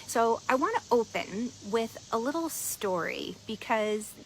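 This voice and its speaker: A woman coach telling a parable and guiding listeners through a centering exercise at an unhurried storytelling pace. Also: on the high side, sing-song, a little hiss or hum, rough recording. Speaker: productivity and meditation coach. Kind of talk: storytelling talk on mindfulness.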